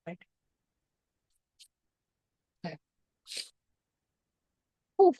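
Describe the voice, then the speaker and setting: A woman's voice: drawn-out words, no echo, dull audio. Passionate woman reviewing a film. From India. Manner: passionate and emotional, rambling with restarts. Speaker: movie reviewer. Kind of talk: unscripted review chat to camera.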